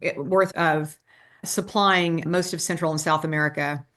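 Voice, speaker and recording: Storytelling woman trial lawyer, low voice. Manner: animated storyteller, quick asides and restarts. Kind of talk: interview guest telling stories.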